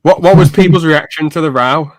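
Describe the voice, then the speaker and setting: A man's voice: fairly high pitch, brisk, no echo. Man, podcast co-host, blunt teasing manner, dry close mic. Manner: blunt, teasing, British slang. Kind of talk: casual chat.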